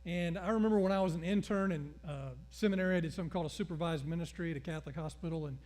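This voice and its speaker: A middle-aged male pastor preaching a sermon, telling stories with acted-out dialogue in an animated way. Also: fairly high pitch, rapid-fire.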